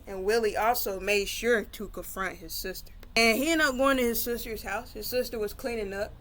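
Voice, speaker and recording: A woman's voice: mid-range voice, fairly bright tone, slight background noise. A woman casually retelling her own story, loose and conversational with many fillers.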